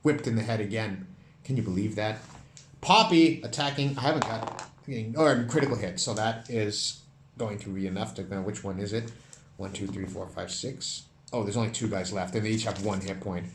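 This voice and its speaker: A man running and narrating a solo tabletop game, counting dice rolls out loud in an animated way. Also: on the low side, normal speed, roomy sound, slight background noise. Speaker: solo game master and player.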